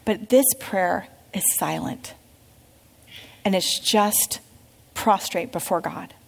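A woman's voice: mid-range voice, takes it slowly, vocal fry. A woman teaching a Bible lesson, reading scripture aloud and telling it as a story while asking her class questions. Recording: long hall reverb.

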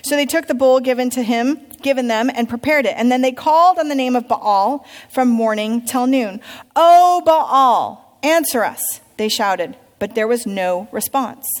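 A woman's voice: a little high, moderate pace, few pauses. Woman teaching scripture in a reverberant hall. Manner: storytelling, asks the class questions. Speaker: Bible teacher. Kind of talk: Bible teaching with read-aloud scripture.

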